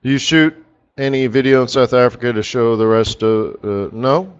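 A man's smooth, mid-range voice comes across at normal speed through dull audio. He's a forex market strategist running a live currency session, chatting casually, telling rambling stories and laughing at what he says.

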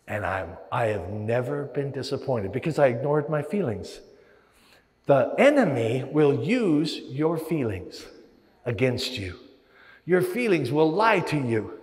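In a spacious church hall, a man whose voice sits slightly high delivers a sermon at a measured pace. As pastor, he tells stories energetically and acts out his inner voices, and the hall's long reverberation fills the recording.

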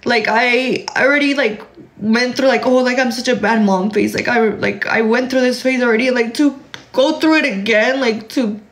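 A woman's voice: a little high, normal speed. A young woman crying as she vents on her phone livestream. She rambles, fills her talk with "like," and keeps restarting her sentences. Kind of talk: emotional venting on a livestream.

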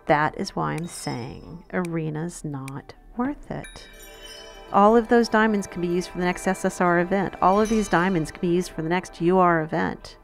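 A woman's voice: lowish voice, moderate pace, gravelly, faint music behind. A woman hosting a gaming channel, chatting straight to her viewers in casual game commentary.

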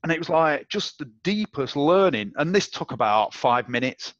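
A man being interviewed, telling a personal story in a casual, animated way and acting out the voices of others. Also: a little high, moderate pace, dry recording. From England. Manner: animated, acts out quoted voices, swears and laughs. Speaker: interview guest. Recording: dull, dry audio.

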